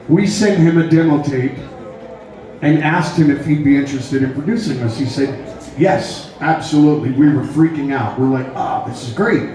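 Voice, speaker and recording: A middle-aged man, a rock singer, telling a story between songs at a live show in a joking, laid-back way, recorded from a distance in a large hall. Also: a little high. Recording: echoey hall, distant, with crowd noise.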